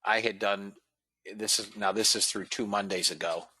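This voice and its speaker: Man, low voice, dry close sound, casual trading room host. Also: steady tone, moderate pace, bright, forceful tone, husky, dry recording. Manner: casual, talks to viewers as guys and fellas, reads out numbers. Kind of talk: live trading room commentary.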